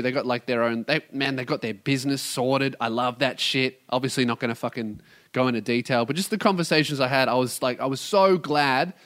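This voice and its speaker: A young Australian man hosting a solo podcast, ranting casually and swearing a lot. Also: on the high side. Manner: profane, animated ranting. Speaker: podcast host.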